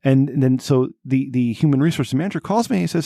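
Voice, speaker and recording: A man co-hosting a podcast, telling a long story in casual chat, swearing freely and jumping to a high, exasperated voice when he quotes himself. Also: fairly quick, gravelly, few pauses, no room sound, clean studio sound. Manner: animated, profane, voice jumps high when exasperated. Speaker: podcast co-host.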